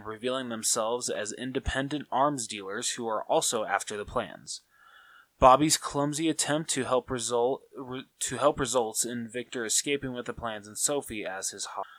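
A man's voice: mid-range voice, a bit bright, dry recording. A man co-hosting a podcast, reading a plot summary with small stumbles and then chatting casually. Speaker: podcast co-host.

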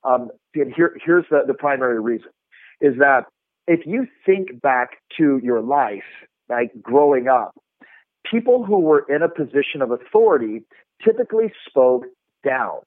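A man coaching sales technique in an animated, instructive way, demonstrating tones with his own voice, heard over a remote line. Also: medium pitch, a little slow, no room sound. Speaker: sales trainer. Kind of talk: instructive podcast talk. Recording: tinny phone-like line.

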